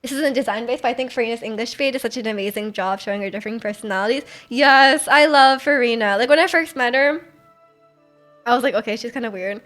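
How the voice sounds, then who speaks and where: Young woman streamer, chatty and rambling over gameplay, slightly high voice. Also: fast talker, fairly bright tone, soft background music. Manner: chatty and rambling, many fillers and restarts. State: clearing her throat. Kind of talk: casual live-stream chat over gameplay.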